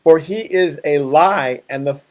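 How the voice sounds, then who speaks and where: Guy teaching bible study, kinda high voice, gets loud then quiet, does little voices for the people he quotes. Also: a little slow. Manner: animated, acts out quoted voices, shifts loud and soft.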